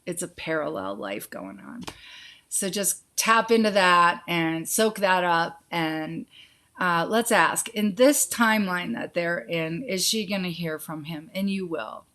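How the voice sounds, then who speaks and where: A woman hosting a casual live psychic Q&A, reading viewers' questions aloud and answering them with quick intuitive yes-or-no readings, calling viewers sweetie and honey. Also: on the low side, expressive, a bit bright. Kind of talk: casual live-stream chat.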